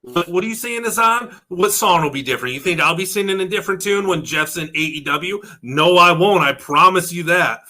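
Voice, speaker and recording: Bright-voiced man, playfully argumentative. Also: high voice, a little fast. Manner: playfully argumentative, mock-angry. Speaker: podcast co-host. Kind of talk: casual wrestling review chat.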